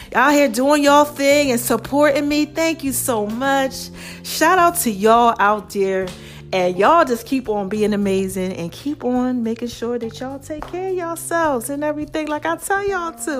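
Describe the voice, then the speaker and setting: A woman hosting a podcast, giving a lively, preachy motivational talk, calling her listeners baby and y'all. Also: high voice, a little slow, faint music behind. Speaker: podcast host.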